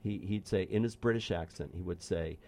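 A middle-aged man with a lowish voice hosts a relaxed conversation. He tells long, loose anecdotes and circles back on his own phrases as he goes. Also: a little fast. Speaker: podcast host and former bike racer. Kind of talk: casual conversational storytelling.

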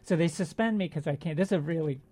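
A middle-aged man, a guest on a talk show, recalling his racing years in a halting way full of fillers. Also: a little high, mellow, no echo. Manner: halting, filler-heavy recollection. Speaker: guest, former bike racer. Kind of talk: casual conversational storytelling.

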